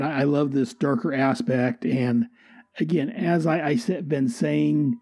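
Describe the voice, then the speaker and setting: A husky man with a very dark, mellow tone rambles happily through a comic book review. He talks casually, repeats himself and corrects his phrasing as he goes, clearly enjoying the story. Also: a little high, no echo. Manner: rambling, enthusiastic, self-correcting.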